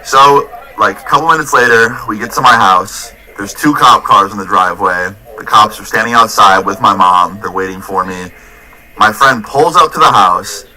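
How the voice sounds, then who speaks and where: A young adult man retelling a story in a casual, profane, animated way. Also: on the low side, rough recording. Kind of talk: storytime vlog.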